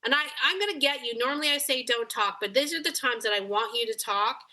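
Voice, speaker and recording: A woman's voice: fairly high pitch, fast, pushed and bright. A woman dog behavior coach on a coaching call, talking animatedly and acting out the voices of dogs and owners.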